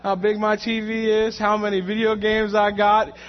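A young man preaching a sermon in an animated, joking way, often repeating words as he goes. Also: sits high, normal speed. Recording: muffled, in a reverberant hall.

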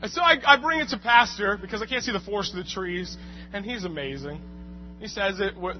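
A man preaching a sermon, swinging from quiet asides to loud, shouted bursts. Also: sits high, animated, brisk. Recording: muffled recording with music and hum.

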